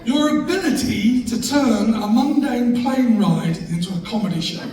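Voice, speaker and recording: A man's voice: very high-pitched, animated, normal speed. A man giving a humorous speech to a live audience, telling jokey anecdotes about his wife and laughing along as he goes. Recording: echoey room from far off, faint noise.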